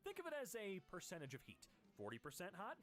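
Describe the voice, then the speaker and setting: A man reads internet posts aloud for laughs, hopping quickly between the voices of different posters. His voice sits a little high and swings widely up and down. Soft music plays faintly underneath. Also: wildly swooping pitch. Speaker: host. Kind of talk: comedic reading of internet posts.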